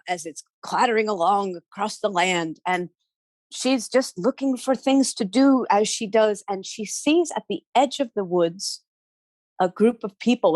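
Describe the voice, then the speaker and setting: A woman telling a folk tale, animated, with sound effects and asides to her listeners. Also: mid-range voice, measured pace, no echo. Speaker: storyteller. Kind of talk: oral folk storytelling.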